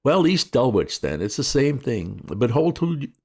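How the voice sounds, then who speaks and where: A man voicing an imperious older aunt who makes shrill, haughty demands. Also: very animated, normal speed, darkish tone, husky. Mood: indignant. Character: domineering older aunt, imperious and easily outraged.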